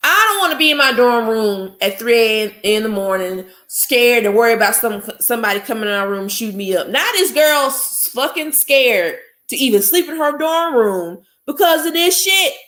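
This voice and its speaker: A woman's voice: fairly high pitch, expressive, moderate pace, hardly any pauses, a bit bright. A woman hosting a live stream, ranting angrily and bluntly with profanity while greeting chat viewers. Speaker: podcast host. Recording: echoey room.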